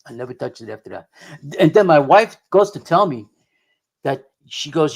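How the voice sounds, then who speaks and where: A man's voice: on the high side, very animated, moderate pace, gravelly. A middle-aged man, a guest on a radio show, telling a personal story in a rambling way full of restarts and quoted dialogue. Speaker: guest investigator of the unexplained.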